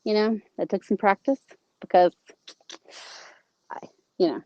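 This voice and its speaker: A woman's voice: medium pitch, brisk, dry recording, highs cut off. A woman with a Southern American accent hosting a casual livestream, chatty and bubbly, greeting viewers and reading their comments. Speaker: livestream host.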